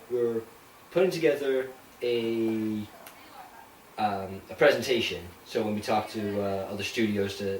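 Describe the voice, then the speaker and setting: A man co-hosting a podcast in a loose, rambling way, often restarting his sentences. He sits at a distance from the mic in an echoey room. A faint ambient hum runs behind him. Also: fairly low pitch. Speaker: podcast co-host. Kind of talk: casual chat.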